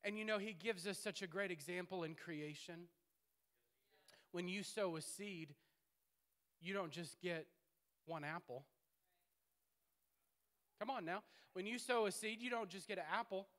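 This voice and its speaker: High, bright-voiced animated preacher man. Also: a little slow, long pauses. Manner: animated, playful, swings between loud and hushed. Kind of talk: sermon.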